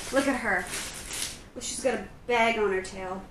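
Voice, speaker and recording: A young woman vlogging in a casual, chatty way, telling stories with lots of "like" and quick laughs. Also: mid-range voice, echoey room, very noisy. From Canada. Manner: bubbly, chatty storytelling with frequent "like" and laughs. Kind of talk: casual vlog chat.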